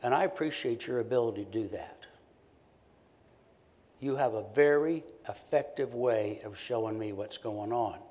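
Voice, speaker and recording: Man giving a lively conference keynote. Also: mid-range voice, moderate pace. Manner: conversational, animated, acts out short quoted exchanges. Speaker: keynote speaker, professor. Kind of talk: conference lecture.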